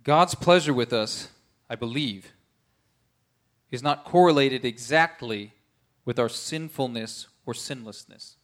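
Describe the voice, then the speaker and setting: A man's voice: mid-range voice, measured pace, long pauses. A man preaching a conversational sermon, earnest, often checking in with his listeners.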